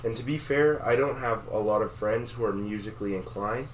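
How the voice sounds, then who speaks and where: A man hosting a podcast, chatting with enthusiasm and introducing his guest warmly. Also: lowish voice, a little fast. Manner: enthusiastic, friendly. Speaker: podcast host. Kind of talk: casual interview chat. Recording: roomy, off-mic with faint noise.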